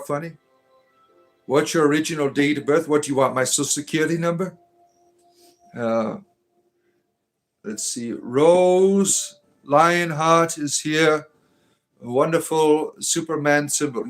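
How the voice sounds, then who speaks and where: Man, Detroit accent, deadpan, livestream host reading chat, mid-pitched voice, faint music behind. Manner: deadpan, tongue-in-cheek mystic persona. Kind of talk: casual livestream chat reading viewer comments.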